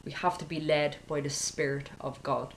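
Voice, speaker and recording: A woman's voice: sits low, flat delivery, moderate pace, slight background noise, low-quality recording. A woman preacher giving an informal sermon, peppering it with "you know" and "okay?" and acting out prayers. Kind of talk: conversational sermon.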